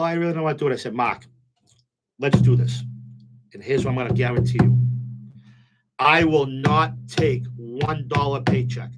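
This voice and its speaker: Animated storyteller man. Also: mid-range voice. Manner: animated storyteller, acts out quotes, repeats "you know what I'm saying". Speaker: nightclub owner guest. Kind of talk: casual storytelling interview.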